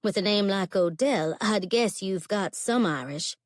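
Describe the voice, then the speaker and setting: A woman voicing a fiery, proud middle-aged ranch mother who speaks in a forceful, emphatic drawl. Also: medium pitch, unhurried, no echo, clean studio sound, natural voice.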